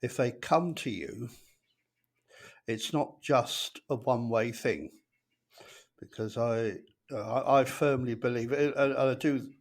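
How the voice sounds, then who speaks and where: Hesitant, chuckling man host. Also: mid-range voice. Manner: hesitant, repeats words, chuckles. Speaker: podcast host. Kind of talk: casual podcast conversation.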